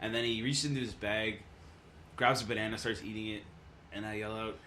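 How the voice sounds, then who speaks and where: A man's voice: on the low side, fairly even intonation, fairly quick, bright, forceful tone, slight background noise. A man co-hosting a casual sports podcast, telling rambling stories and laughing mid-sentence. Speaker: podcast co-host. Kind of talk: casual chat.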